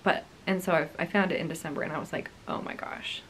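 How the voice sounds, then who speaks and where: A woman hosting a casual knitting podcast from home. She talks in a chatty, bubbly way and often drops into a soft near-whisper. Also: sits low, steady tone, racing, a little hiss or hum, low-quality recording. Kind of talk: casual chat. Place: home corner.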